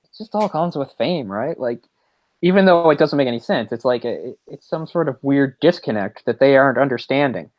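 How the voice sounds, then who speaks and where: A man's voice: mid-range voice, expressive, a little fast, no echo, highs cut off. A man co-hosting a podcast, casually retelling a story with mocking impressions. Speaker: podcast co-host. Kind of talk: casual chat.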